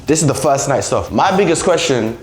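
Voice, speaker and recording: A man's voice: medium pitch, expressive, fairly quick. A young man vlogging casually to camera while unpacking in an empty apartment, joking and chatty. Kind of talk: casual vlog talk to camera. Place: indoors in an empty apartment room. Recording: echoey bare room.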